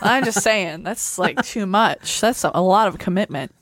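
A woman's voice: medium pitch, expressive, moderate pace. A woman co-hosting a comedic podcast, wry and teasing in casual chat. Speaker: podcast co-host.

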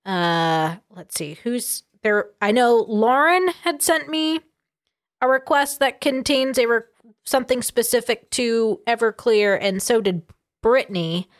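Chatty woman reading listener notes. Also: a little high. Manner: chatty, halting with fillers, laughs often. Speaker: podcast co-host. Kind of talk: casual chat, reading listener messages.

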